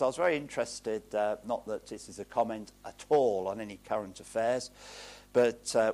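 A man's voice: medium pitch, a little mellow. A man preaching a sermon in an earnest, emphatic way, asking rhetorical questions.

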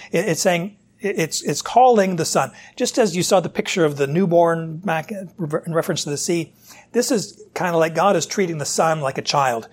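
Male preacher, husky, fairly high voice, animated. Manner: animated, rhetorical questions, voices God's challenges. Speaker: pastor. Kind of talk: sermon.

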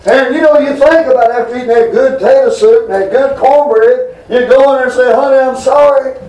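A man's fairly quick, steady-toned voice, high for a man yet darkish, carries a folksy, rambling sermon of homespun stories and asides to listeners. The mic is distant and he's a little off it, in an echoing, roomy hall.

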